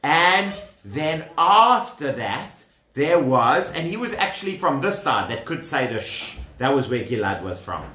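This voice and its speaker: A man's voice: a little high, big pitch swings, a little slow, sharp tone. A man telling a Bible story to children in a chatty way, asking them questions, in a room with children listening. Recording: roomy echoey room.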